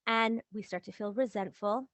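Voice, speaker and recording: A woman's voice: mid-range voice, moderate pace, no room sound. A woman hosting a podcast as a relationship coach, talking casually and acting out everyday examples in little voices. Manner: lively, acts out quoted examples in little voices. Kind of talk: casual advice talk.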